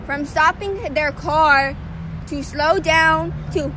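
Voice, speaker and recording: Speaking slowly in a high-pitched voice, a young woman runner vents to her phone at a park in an angry rant to camera. She is heated and exasperated, repeating herself and saying "freaking" and "like" again and again.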